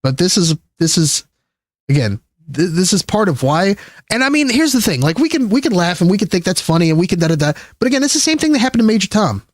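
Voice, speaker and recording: A man streaming live, ranting in rambling, profane commentary. He jumps from high outbursts to low mutters. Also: sing-song, fast talker, dry recording, studio quality. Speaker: livestreamer.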